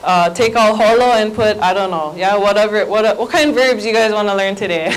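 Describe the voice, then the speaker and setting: A Hawaiian language teacher with a Hawaii accent gives a playful workshop presentation, getting the audience to repeat phrases aloud. Her mid-range voice is clean in tone and a little fast, though the audio quality is poor.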